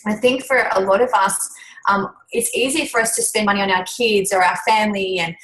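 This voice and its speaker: A woman sharing her experience on a team call. Her delivery is chatty and earnest, and she keeps gently persuading the listeners. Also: medium pitch, steady tone, fairly quick, poor audio. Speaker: team member. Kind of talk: motivational testimony.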